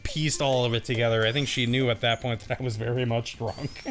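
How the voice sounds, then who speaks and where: A young man with a medium-pitched, fairly bright voice talks fairly quickly with fairly even intonation, faint music playing behind him. He co-hosts a gaming channel and, while playing a game, tells a rambling story casually, laughing and acting out the other people's voices.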